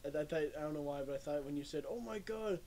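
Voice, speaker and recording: A man's voice: fairly high pitch, quick pace, mellow. Young man rambling on stream, laughing. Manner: rambling, laughing, swears a lot. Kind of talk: casual chat. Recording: faint background noise.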